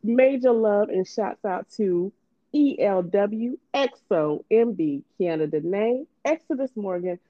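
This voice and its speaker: A woman hosting a book podcast in casual chat, bubbly and quick to laugh. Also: medium pitch, no echo, highs cut off. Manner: bubbly, laughs often, talks fast when excited. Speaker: podcast host.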